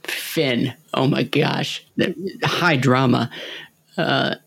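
Creaky-voiced, hesitant male podcast host. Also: medium pitch, fairly even intonation, very slow, fairly bright tone, dry recording. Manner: hesitant, many ums and restarts. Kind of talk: casual chat.

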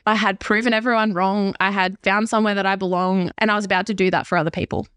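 A young woman, a podcast guest telling a candid, animated personal story. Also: medium pitch, fast, clear, resonant tone, dry recording, clean studio sound. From Australia.

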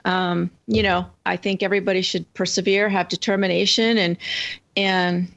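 A woman's voice: medium pitch, level tone, moderate pace, gravelly, fairly bright tone, lo-fi sound. A woman author talking as a guest in an interview, chatting loosely with many fillers. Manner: rambling, lots of fillers and restarts. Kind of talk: casual interview chat.

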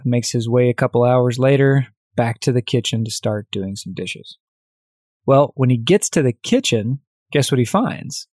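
A man hosting his own coaching podcast, telling a story in a direct, energetic, conversational way. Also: medium pitch, dry recording, studio quality.

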